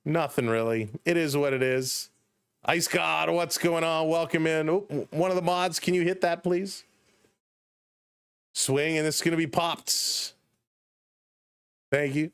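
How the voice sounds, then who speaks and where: A man's voice: a little high, steady tone, measured pace, pauses often, smooth, no room sound, clean studio sound. Chatty Canadian man calling baseball. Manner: chatty, reads viewer chat and laughs often. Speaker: live stream host. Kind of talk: casual play-by-play commentary.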